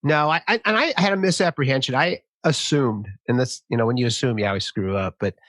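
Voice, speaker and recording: A man's voice: mid-range voice, a little fast, no echo. A man in his fifties hosting a podcast interview, talking casually and acting out quotes in a raised voice. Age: 50s. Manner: animated, acts out quotes in a raised voice. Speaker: podcast host.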